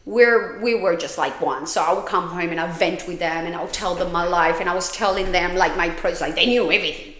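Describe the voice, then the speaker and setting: A woman's voice: lowish voice, a bit bright. Candid, rambling woman in a roomy echo. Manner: candid, rambling, frequent swearing and fillers. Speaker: podcast host. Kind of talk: personal storytelling podcast.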